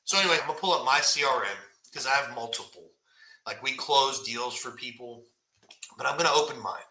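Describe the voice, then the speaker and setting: Blunt guy coaching on a podcast, super bright pushy voice, echoey room. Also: mid-range voice, a little hiss or hum. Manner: blunt, fast, animated, says "right?" often. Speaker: podcast host. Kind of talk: casual live-stream coaching talk.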